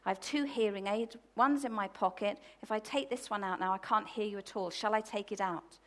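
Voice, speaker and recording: A woman's voice: medium pitch, a little fast, fairly bright tone, close to an everyday voice. A woman preacher voicing a little old deaf woman who asks a plain, matter-of-fact question.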